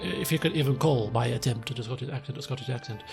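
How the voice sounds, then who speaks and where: A man giving casual, chatty, excitable gameplay commentary as a let's play host at a desk microphone. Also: mid-range voice, fast talker, creaky, music in the background. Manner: chatty, excitable, self-mocking.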